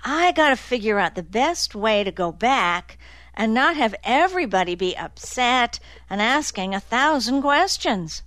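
A woman's voice: fairly high pitch, big pitch swings, measured pace, no echo, voice pushed up. A woman reading the lines of a tense young man on the run who snaps and sounds anxious. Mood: tense, snapping. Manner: sharp, snapping, anxious.

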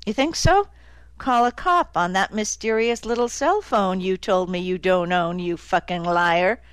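A woman's voice: fairly low pitch, unhurried, smooth, no echo, natural voice. A woman voicing a hard-edged male detective who is sardonic and cutting, in an audiobook. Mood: angry. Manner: dry, cutting, needling. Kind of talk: audiobook character voice.

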